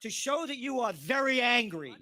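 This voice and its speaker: A man's voice: very high-pitched, sing-song, moderate pace, sharp tone. A man in his seventies delivering an angry, sardonic monologue as a commentator. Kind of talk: impassioned monologue.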